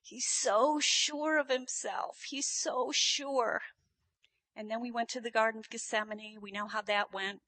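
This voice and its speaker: A woman preaching a sermon, telling the story with lively, animated delivery and sudden loud bursts. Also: mid-range voice.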